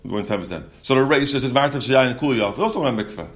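A man's voice: mid-range voice, animated, very fast. A man teaching a Talmud class, explaining step by step with frequent restarts and repeated words. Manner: explains step by step, asks and answers questions.

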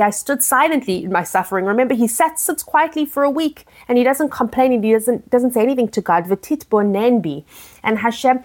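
A woman's voice: a little high, brisk, a little mellow. A woman teaching a text study lesson. She reads verses aloud and explains them earnestly, with frequent fillers and restarts.

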